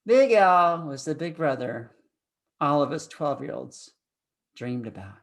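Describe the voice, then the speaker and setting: Lively, high-voiced man telling a story. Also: unhurried. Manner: animated, swings from loud excitement to hushed. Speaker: public speaker at a speaking club. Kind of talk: storytelling speech.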